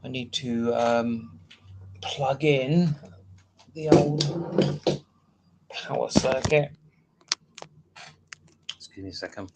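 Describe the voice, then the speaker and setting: British male streamer, mid-pitched, loose chatty delivery, wanders off-topic to reply to comments. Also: very slow, long pauses, background noise. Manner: rambling, chatty, answers viewer comments between asides. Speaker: live stream host. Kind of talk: casual live-stream chat.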